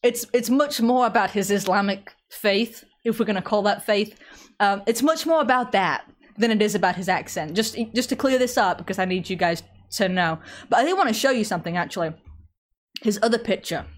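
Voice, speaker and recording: A woman's voice: mid-range voice, brisk. Sarcastic English woman hosting commentary. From England. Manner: sarcastic, chatty, frequent restarts and laughs. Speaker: commentary show host. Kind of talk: casual sarcastic commentary to viewers.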